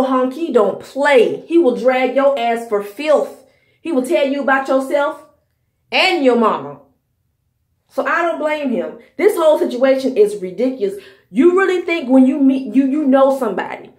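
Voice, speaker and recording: A woman in her thirties vents in a fiery, profanity-laced commentary, scolding her listeners as she goes. Her voice sits high and leaps about wildly. It rings in an echoey room. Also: animated, a little slow. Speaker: podcast host. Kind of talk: angry commentary rant.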